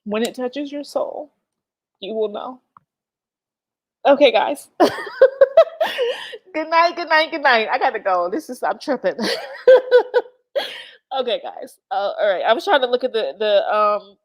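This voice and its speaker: A woman's voice: fairly high pitch, animated, normal speed. A teary woman talks straight to her livestream viewers. She is passionate and swears freely, and she repeats her lines for emphasis. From United States. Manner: passionate, profane, speaks in emphatic repetitions. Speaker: livestream host. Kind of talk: emotional livestream talk.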